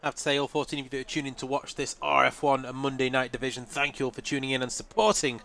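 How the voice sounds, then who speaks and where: A man's voice: mid-range voice, flat delivery, very fast, gravelly, bright, forceful tone. A man doing live sim-racing commentary, nasal and congested from a head cold, chatty and answering his live chat. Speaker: race commentator.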